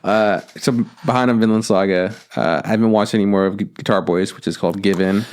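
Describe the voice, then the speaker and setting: A man's voice: lowish voice, brisk, a little mellow, clean tone. A man co-hosting a podcast in casual chat, rambling with lots of hesitations and casual swearing. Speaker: podcast co-host.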